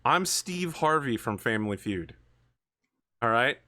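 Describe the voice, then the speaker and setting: A man chatting casually as host of a tabletop game show, telling animated, profane stories. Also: mid-range voice, measured pace, crowd noise. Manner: animated storyteller, swears freely. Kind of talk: casual podcast chat.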